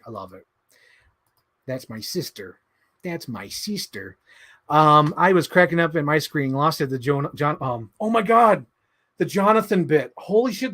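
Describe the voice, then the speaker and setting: A young man hosting a casual livestream, excitable and quick to laugh, swearing as he talks about movies. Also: on the high side. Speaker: livestream host.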